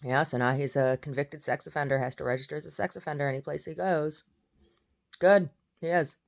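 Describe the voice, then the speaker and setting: A woman's voice: low-pitched, fairly even intonation, quick pace, creaky. A woman in a casual monologue from her bed, blunt and opinionated, with a groggy first-thing-in-the-morning voice. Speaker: vlogger. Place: in bed at home.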